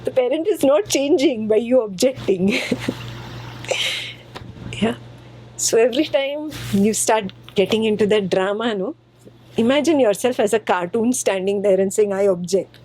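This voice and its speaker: A woman's voice: a little high, expressive, moderate pace, pauses often, dark tone, slight background noise, low-quality recording. Woman teaching, patient and playful. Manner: patient, playful, repeats phrases for emphasis. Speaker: spiritual teacher. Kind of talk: explaining a spiritual text to students.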